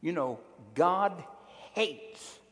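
A man's voice: fairly high pitch, expressive, drawn-out words, a bit bright, long reverb tail. A male pastor preaching a sermon, emphatic and drawing call-and-response from his congregation.

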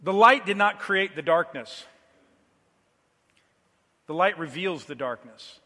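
A man preaching a sermon, moving between quiet, low passages and loud, emphatic declarations. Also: expressive, takes it slowly, big-room sound.

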